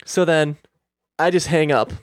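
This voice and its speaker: A young man telling a story in casual chat, animated and acting out the quoted dialogue. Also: on the high side, unhurried, dry recording, studio quality. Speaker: guest storyteller.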